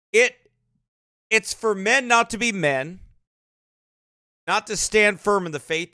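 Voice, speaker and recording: Brief: male pastor, bright tense voice, swinging pitch, emphatic preaching with constant "right?". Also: no room sound, studio quality. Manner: emphatic, repeats tag questions. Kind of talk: sermon-style commentary.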